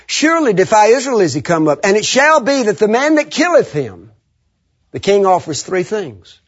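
A man preaching a sermon, animated and laughing often, leading the congregation in call-and-response. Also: high-pitched, moderate pace, breathy edge. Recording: muffled lo-fi sermon recording.

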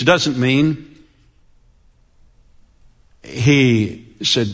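A man preaching a sermon and telling stories, with a lively, animated delivery that slows down to stress key words. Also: mid-range voice. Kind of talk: sermon storytelling. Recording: dull lo-fi recording.

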